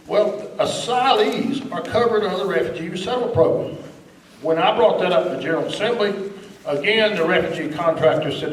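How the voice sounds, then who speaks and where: A man's voice: sits high, a little fast, a little hiss or hum. Guy giving a fired-up talk at a meeting, sounds far off in an echoey room. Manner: indignant, emphatic, scornful. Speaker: guest speaker. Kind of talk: political meeting speech. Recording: echoey room, recorded from a distance.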